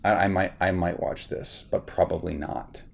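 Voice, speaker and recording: Deep gravelly man ranting about movies. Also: normal speed. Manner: animated, ranting, frequently says y'all. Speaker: film reviewer and channel host. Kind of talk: casual movie reaction commentary.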